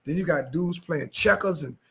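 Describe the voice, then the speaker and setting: A man's voice: fairly high pitch, normal speed, creaky, slight background noise. A man telling a street story on a podcast, heavy with slang and acted-out quotes. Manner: animated street slang, acts out quoted voices. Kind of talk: casual storytelling chat.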